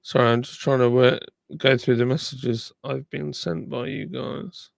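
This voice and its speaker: A man's voice: mid-range voice, unhurried, gravelly, dry recording, studio quality. A man hosting a live stream, chatting casually and reading viewer comments aloud while nursing a sore tongue. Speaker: livestream host.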